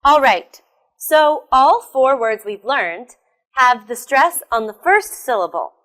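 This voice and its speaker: An American woman teaching English pronunciation, enunciating words slowly and carefully and encouraging learners with questions. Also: high-pitched, lively intonation, a bit bright. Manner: slow, careful enunciation with repetition. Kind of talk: pronunciation lesson.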